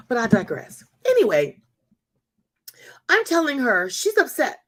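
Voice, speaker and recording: A woman in her fifties giving a lively testimony to a congregation as a church speaker and host, talking straight to her audience. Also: high-pitched, normal speed, pauses often. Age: 50s.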